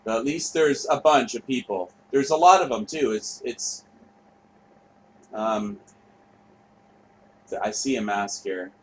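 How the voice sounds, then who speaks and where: A man's voice: mid-range voice, slow, long pauses, poor audio. A man in the middle of his range talks loosely over footage as a show's host. He wanders, trails off and swears freely, with a faint hum of noise behind him. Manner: rambling, profane, offhand. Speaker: show host. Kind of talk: casual commentary over footage.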